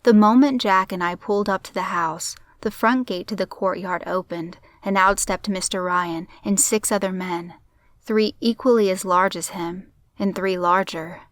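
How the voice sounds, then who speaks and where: A woman narrating a crime story in a steady, measured audiobook reading. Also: medium pitch, no echo.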